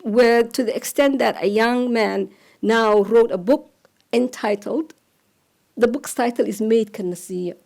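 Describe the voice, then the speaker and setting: A woman's voice: on the high side, unhurried, gravelly, darkish tone. A woman speaking earnestly as a panelist in a festival discussion, with frequent restarts.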